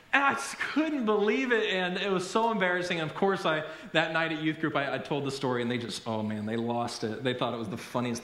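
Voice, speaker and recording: Male pastor, high voice, animated storyteller, roomy church echo. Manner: animated storytelling, self-deprecating humor. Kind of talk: sermon. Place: church sanctuary.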